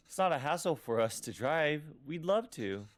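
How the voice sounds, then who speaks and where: A man voices a devoted middle-aged mother who won't let go, earnest and softly pleading, her voice rising and falling lively from line to line. She reads like a story game's heartfelt parent. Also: on the high side, moderate pace. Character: caring middle-aged immigrant mother, gentle but stubborn. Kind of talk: reading game dialogue aloud.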